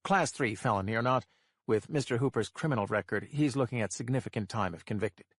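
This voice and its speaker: A man's voice: medium pitch, fairly quick, husky, no echo, studio quality, close to an everyday voice. A man voicing an earnest male prosecutor pressing his case in court.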